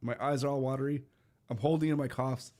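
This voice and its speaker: A man hosting a casual live stream and chatting with viewers, hoarse and coughing as his voice gives out, rambling with restarts and fillers. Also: mid-range voice, fairly even intonation, fast, mellow. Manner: addresses viewers directly.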